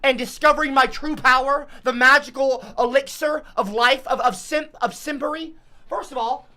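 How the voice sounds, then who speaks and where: A woman streaming while she paints, her voice bright and sharp and pitched a touch high. She rambles sarcastically and swears freely in loose, casual talk. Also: normal speed.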